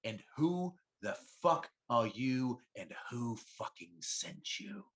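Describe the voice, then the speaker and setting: A man's voice: medium pitch, expressive, takes it slowly, a bit bright. A man doing a blunt, profane leader. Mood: hostile. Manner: blunt and demanding.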